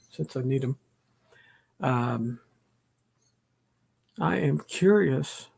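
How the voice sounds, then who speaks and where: Slow, gravelly male livestream host. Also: fairly high pitch. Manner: slow, rambling, friendly shout-outs to chat. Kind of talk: casual livestream chat, greeting viewers.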